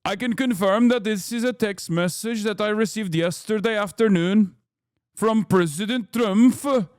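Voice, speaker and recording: A man putting on a Norwegian accent to voice a male prime minister, reading out a formal statement in a stiff, measured way. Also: sits high, darkish tone, clean tone, dry recording, clean studio sound. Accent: put-on Norwegian.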